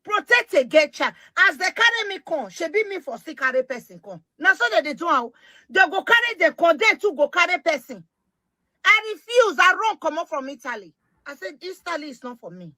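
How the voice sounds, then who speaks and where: Forceful Nigerian woman, high voice. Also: animated, brisk, no echo. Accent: Nigerian Pidgin English. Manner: forceful, emphatic, repeats her points. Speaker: social media speaker. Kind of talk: impassioned monologue.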